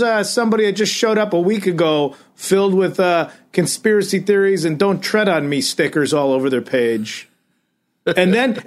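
A man on a podcast, a comedian ranting and swearing in exasperated casual chat. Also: high-pitched. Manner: self-described comedian. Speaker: podcast co-host.

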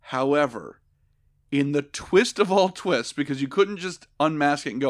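Podcast co-host, man, sarcastic and crude, slightly higher voice, jokey recap delivery. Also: animated, unhurried. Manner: sarcastic, profane, acts out quotes in jokey voices. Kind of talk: casual comedic recap chat.

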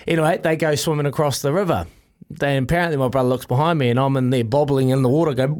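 A New Zealand man in a radio studio, chatting easily through a breakfast show. His pitch sits right in the middle and he spins childhood yarns with plenty of fillers and laughs. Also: quick pace, a little mellow. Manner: laid-back storytelling with frequent laughs and fillers. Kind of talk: casual radio banter.

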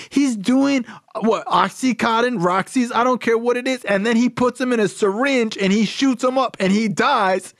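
A man's voice: extremely high pitch, no room sound, clean studio sound, voice pushed up, heavily acted. A man putting on a blunt, profane sponsor voice. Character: blunt male recovery sponsor, harsh tough love.

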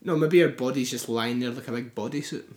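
A man's voice: medium pitch, brisk, a little mellow, reverberant. A man co-hosting a casual podcast, teasing his friend and laughing often. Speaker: podcast co-host. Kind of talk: casual banter.

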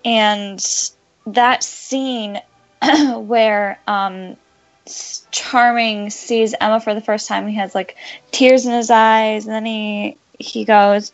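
A woman in casual podcast chat, gushing and emotional, with "um" fillers and soft laughs. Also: mid-range voice, fairly even intonation, slow, highs cut off. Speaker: podcast co-host discussing a TV show.

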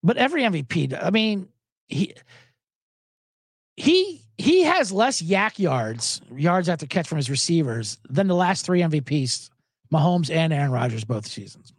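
A man hosting a casual sports podcast, talking in an animated, profane way and jumping between topics with loud mocking impressions. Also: a little high, unhurried, dry recording, studio quality. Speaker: podcast host.

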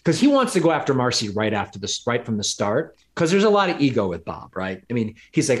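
A man's voice: mid-range voice, animated, a little fast, few pauses. A middle-aged man telling a crime story as an interview guest, with lots of restarts and fillers along the way. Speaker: podcast guest, author of true crime reporting. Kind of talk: conversational interview. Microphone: podcast microphone.

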